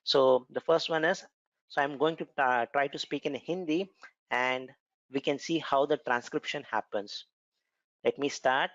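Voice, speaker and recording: A man with an Indian accent gives a relaxed, chatty tech lesson at a middling pitch. His voice is dry and close, with a slightly dull, lo-fi tone. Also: a little slow, no echo. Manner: conversational, repeats words, frequent "uh" fillers. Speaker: cloud computing instructor. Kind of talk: explanatory tutorial lecture.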